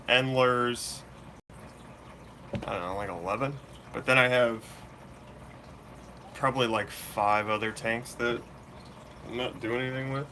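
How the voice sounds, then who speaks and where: A man hosting a fishkeeping channel, chatting casually and answering viewer questions live in a relaxed, slangy way. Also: mid-range voice, a little hiss or hum. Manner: laid-back, slangy, chatty. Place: room full of fish tanks.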